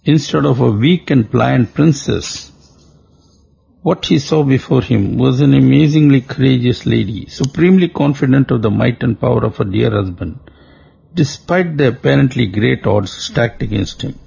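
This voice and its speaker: Gravelly man narrating a legend. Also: medium pitch, moderate pace, dark tone, highs cut off. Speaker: storyteller.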